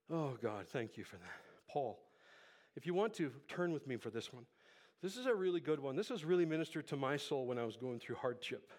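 A pastor delivers a sermon to his congregation in a medium-pitched, expressive voice. He shifts between quiet, slow stretches and loud, fervent peaks, breathing heavily into the mic.

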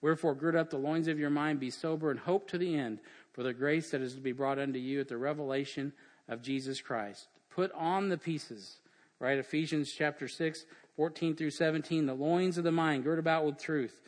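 A middle-aged man preaching with punchy emphasis, firing off rhetorical questions at his congregation. His voice sits a little higher than most men's, and it rings out with a long reverb from the church hall around him. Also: fairly even intonation, normal speed. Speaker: pastor. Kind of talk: sermon.

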